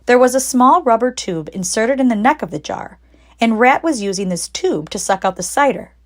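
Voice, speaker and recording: A woman narrating a children's book aloud with expressive storytelling. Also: fairly high pitch, moderate pace. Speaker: audiobook narrator.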